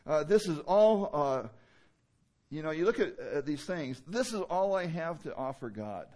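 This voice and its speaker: A man's voice: a little high, very animated, unhurried, mellow. Man, pastor, conversational sermon, fillers, asks the room questions. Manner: conversational preaching with many fillers and rhetorical questions.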